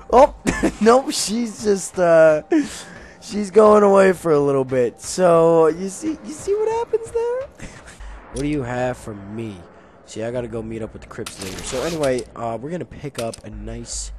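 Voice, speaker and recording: A young man giving casual, jokey commentary while playing a video game, often yelling at enemies. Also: medium pitch. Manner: excitable, jokey, yells at enemies. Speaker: gaming YouTuber.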